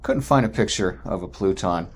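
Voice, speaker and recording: A man's voice: sits low, normal speed, a little hiss or hum. A man teaching geology in a chatty recorded lecture, often asking "right?" and correcting himself as he goes.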